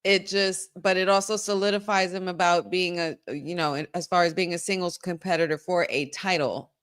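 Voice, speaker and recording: A woman hosting a live watch-along stream, reacting excitedly to the action and talking to her viewers. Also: fairly low pitch, fairly quick, clear, resonant tone.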